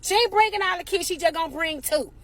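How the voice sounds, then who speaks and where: A woman telling a comic family story in an animated, exasperated way, acting out the quotes. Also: very high voice, fast.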